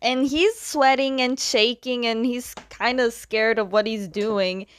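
A woman casually recapping a story, chatty, retelling scenes with lots of "like" and quick quoted lines. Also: a little high, steady tone. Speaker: comic recap talker.

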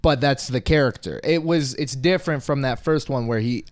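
A man's voice: medium pitch, moderate pace, no room sound. Hesitant man thinking aloud, dry sound. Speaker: podcast co-host. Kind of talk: casual movie-review chat.

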